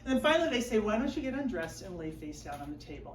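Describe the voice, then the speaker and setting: A woman's voice: mid-range voice, sing-song, fast talker. A woman performing a self-mocking stand-up set at a small live comedy show, acting out her own whiny inner voice. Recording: roomy live room, mic a bit distant, faint background noise. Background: audience laughter.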